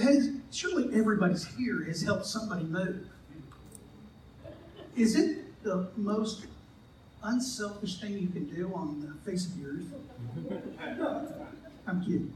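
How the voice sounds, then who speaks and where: A man's voice: sits high, expressive, a little slow, long pauses, recorded from a distance, noisy background. A man preaching as a pastor, in a joking, conversational way, acting out the voices of the people he quotes. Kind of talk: sermon. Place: church sanctuary. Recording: echoey church hall, mic from afar.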